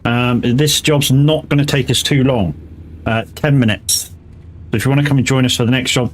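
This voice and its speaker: A man talking loosely to his stream audience as he drives, his voice sitting at an ordinary middle pitch. He swears freely and breaks into laughs between remarks. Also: steady tone, moderate pace, a little hiss or hum. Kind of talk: casual live-stream chat while driving.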